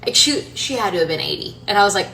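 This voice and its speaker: Bright chatty woman answering follower questions. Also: medium pitch, lively intonation, fast talker, creaky. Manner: chatty and rambling, many fillers and restarts. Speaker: home renovation designer and social media creator. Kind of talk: casual Q&A chat to followers. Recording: somewhat distant from the mic, faint room noise.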